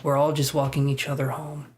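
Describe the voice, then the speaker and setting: A man's voice: a little high, vocal fry, a little mellow. Joking man hosting a live stream. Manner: joking, laughing, swearing freely. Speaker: tarot reader and live-stream host. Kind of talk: casual live-stream chat reacting to viewers.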